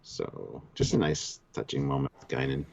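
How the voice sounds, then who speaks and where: Very deep-voiced man, muffled sound. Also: sing-song, normal speed, vocal fry, darkish tone, slight background noise. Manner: recaps scenes, reads viewer messages. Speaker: co-host of a review show. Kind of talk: casual episode review chat. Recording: dull lo-fi sound.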